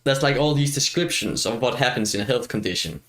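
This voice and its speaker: A man's voice: medium pitch, expressive, brisk, fairly bright tone. A man streaming a video game, chatting casually as he plays, rambling and self-mocking and laughing often. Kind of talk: casual gameplay chat.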